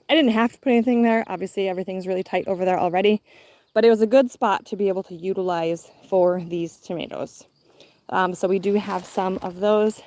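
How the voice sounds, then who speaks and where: A woman from Minnesota, a gardening vlogger, gives a casual live-stream tour of her garden outdoors. Her medium-pitched voice is a little mellow, and she sounds chatty and upbeat, slightly out of breath in the heat.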